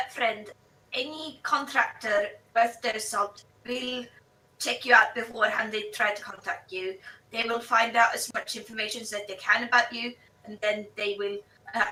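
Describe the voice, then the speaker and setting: A woman playing in a tabletop game, explaining her character's view in a measured way. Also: medium pitch, bright, forceful tone. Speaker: player. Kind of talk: tabletop role-play. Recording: roomy distant mic with faint noise.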